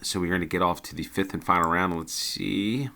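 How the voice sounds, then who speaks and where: Male gameplay commentator, deep and crisp-edged, casual, hesitant, lots of ums. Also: steady tone, brisk, sharp tone. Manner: thinking aloud, hesitant with many ums. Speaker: game commentator.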